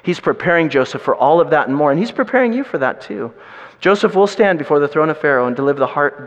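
A man preaching a sermon to a congregation, telling stories with big swings in his voice. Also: muffled recording. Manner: animated storytelling with big pitch swings. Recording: reverberant hall.

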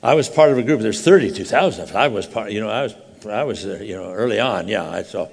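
An older man preaching a sermon, telling a story with animated, halting restarts that drop to quiet intensity. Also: lowish voice, gravelly, breathy edge, big-room sound.

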